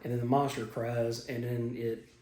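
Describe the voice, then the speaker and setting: A man's voice: medium pitch, little pitch movement, moderate pace, dark tone. A man casually recapping a comic book issue as host of his video channel, talking in a loose, conversational way with frequent fillers. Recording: echoey room.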